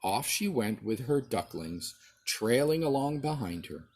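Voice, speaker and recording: A father reads a fairy tale aloud to his child, expressive and unhurried. His voice is husky and rises and falls a great deal, with the odd slip and restart. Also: mid-range voice. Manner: expressive, with small slips and restarts. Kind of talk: reading a storybook aloud.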